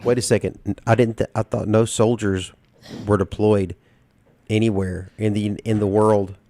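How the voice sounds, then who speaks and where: A man's voice: fairly low pitch, little pitch movement, moderate pace, dark tone, no echo. A man co-hosting a casual talk show, blunt and skeptical in his remarks. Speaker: co-host.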